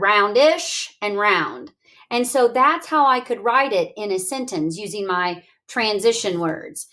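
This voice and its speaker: A woman's voice: on the high side, fairly bright tone. A woman teaching a reading lesson, talking through examples and coaxing young students with questions. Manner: slow, coaxing, asks questions aloud. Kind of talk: classroom literacy lesson.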